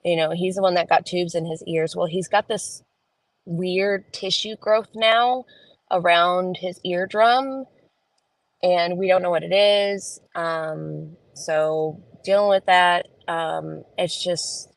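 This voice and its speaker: A woman's voice: on the low side, slow pace, vocal fry, no echo, rough recording. A woman chats casually and rambles with lots of fillers, talking to her viewers from a parked car into her phone. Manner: rambling with many fillers, homey. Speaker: vlogger chatting with live viewers. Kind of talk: casual chat. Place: parked car in a school pickup line. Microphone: phone camera.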